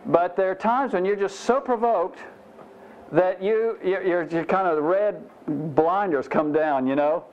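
Male pastor, folksy and chatty, slightly higher voice, muffled sermon recording. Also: a little slow, a little mellow. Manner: folksy, self-deprecating, frequent "you know" asides. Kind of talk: conversational Bible teaching sermon.

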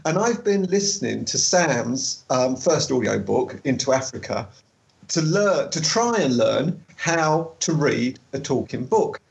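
A man chatting casually as a podcast co-host, animated and quick to laugh. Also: medium pitch, creaky. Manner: chatty, animated, laughs easily, slows down for a careful read-aloud. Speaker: podcast co-host and travel author.

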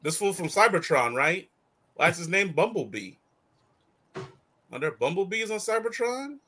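Animated, bright-voiced male host. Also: high voice, moderate pace. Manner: animated, laughing riffs. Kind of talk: casual chat.

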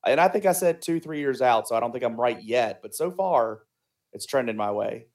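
A man's voice: medium pitch, animated, moderate pace, darkish tone. A man co-hosting a sports podcast, joking and teasing in casual chat. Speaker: podcast co-host.

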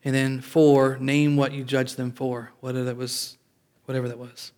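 A man's voice: mid-range voice, completely flat delivery, moderate pace, a little mellow. A man preaching a sermon as pastor, in a conversational way, often restarting and calling out for an amen.

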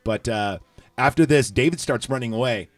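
A man's voice: medium pitch, moderate pace, no echo, soft background music. A man hosting a casual movie recap chat, rambling with lots of fillers and profanity. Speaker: podcast host.

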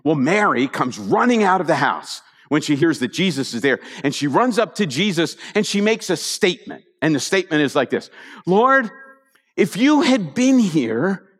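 Male pastor, fairly high, very expressive delivery; chatty sermon storytelling; long hall echo. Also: a little fast, hardly any pauses, husky. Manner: animated storytelling with asides to the congregation. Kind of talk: conversational sermon.

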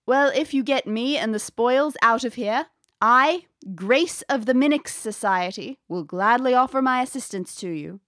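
A woman's voice: a little high, normal speed, fairly bright tone, no echo, studio quality, lightly acted. A woman doing a muffled, formal 1600s lady scholar. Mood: urgent. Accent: 1600s mix of English and American. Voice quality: muffled through a door. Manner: old-fashioned, formal, urgent pleading.

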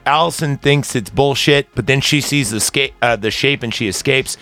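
A man's voice: mid-range voice, moderate pace, fairly bright tone. A man co-hosting a podcast, casually recapping a horror movie with crude jokes. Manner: crude, joking, quotes characters in bits. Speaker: podcast co-host.

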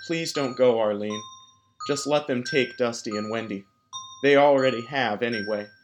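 A man voicing a gentle, sorrowful ghost mother in a storybook, pleading softly, with music behind. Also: mid-range voice, normal speed, close to an everyday voice. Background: background music.

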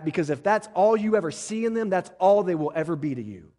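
A man's voice: high voice, lively intonation, fairly quick, hardly any pauses. Fervent male pastor preaching a sermon. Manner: preaching with rising and falling intensity, asks the congregation questions.

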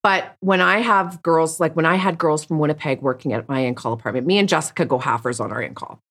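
A woman with a notably low voice speaks frankly as a podcast guest. She rambles, restarts her sentences and talks bluntly. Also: fast, fairly bright tone. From Canada. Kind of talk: candid interview conversation.

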